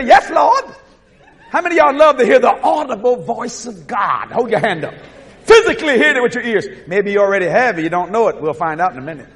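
High-pitched, chuckling preacher. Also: male voice, a bit bright. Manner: folksy, chuckling, acts out scenes. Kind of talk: sermon.

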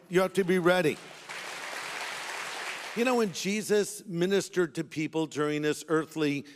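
A man's voice: high-pitched, smooth. A man preaching a sermon as a pastor, telling a funny story conversationally and acting out the voices in it. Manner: conversational, humorous, acts out voices in his story. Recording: long hall reverb, faint music.

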